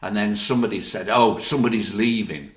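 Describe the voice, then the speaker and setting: Speaking a little fast in a lowish voice, an older man with a Northern English accent shares anecdotes as an actor being interviewed. He's animated and quick to laugh, quoting others in their voices, and the room gives off a noticeable echo.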